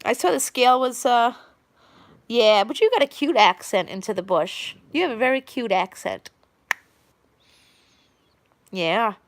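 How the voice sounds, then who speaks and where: A woman's voice: fairly high pitch, animated, a little slow, long pauses. A woman with a Long Island New York accent hosting a casual live stream, rambling and chatty as she greets viewers by name.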